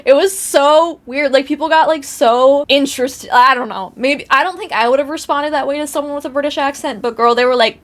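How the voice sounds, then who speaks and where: A woman's voice: sits high, fairly quick, hardly any pauses. Chatty young woman reading stories. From US Midwest. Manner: chatty, swears a lot, laughs often. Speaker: YouTuber reading Reddit stories. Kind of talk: casual reading and commentary.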